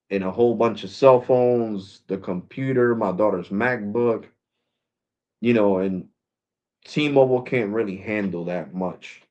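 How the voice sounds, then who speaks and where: Tech vlogger, male, lowish voice, loose street-casual delivery, muffled home recording. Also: a little mellow. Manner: loose, slangy and repetitive. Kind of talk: casual talk to camera. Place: his home.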